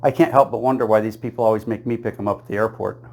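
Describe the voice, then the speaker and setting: A man's voice: fairly low pitch, fairly even intonation, very fast, a little mellow. A man telling a string of jokes in a plain storytelling voice, chuckling at his own punchlines and switching briefly into small character voices for the quoted lines. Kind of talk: joke-telling monologue.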